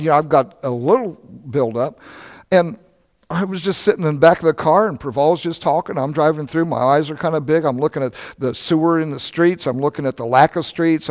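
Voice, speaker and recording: An older man preaching a sermon, telling stories in a conversational, animated way. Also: fairly high pitch, big-room sound. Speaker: pastor.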